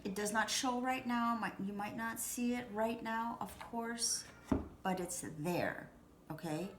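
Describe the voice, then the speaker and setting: A woman's voice: on the high side, measured pace, reverberant, a little hiss or hum. A woman giving a casual tarot reading from home, chatty and reassuring, rambling with lots of fillers and restarts. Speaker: tarot reader.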